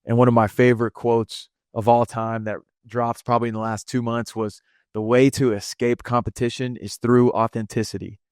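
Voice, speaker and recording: Brief: male podcast co-host, mid pitch, dry close sound, earnest, encouraging. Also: flat delivery, moderate pace, a little mellow, smooth, no room sound. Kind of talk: casual podcast chat.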